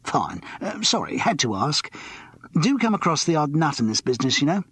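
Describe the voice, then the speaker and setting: A man voicing a brisk, chirpy theatrical agent with a businesslike manner. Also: on the high side, very animated, a bit bright, husky, dry recording, voice pushed up, heavily acted.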